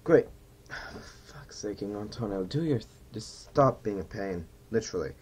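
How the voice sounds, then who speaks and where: Male gamer, unhurried, self-mocking play-along commentary with a pitch that jumps around, mutters to himself and does the odd mock pilot announcement. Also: expressive, a little mellow, a little hiss or hum. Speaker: gamer playing a flight simulator. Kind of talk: casual gameplay commentary.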